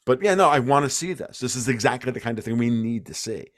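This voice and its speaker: His medium-pitched voice has lively intonation and moves fast, captured in studio quality without room sound. An American interview guest, he pushes his views in emphatic rants, often breaking off to restart sentences during animated conversation.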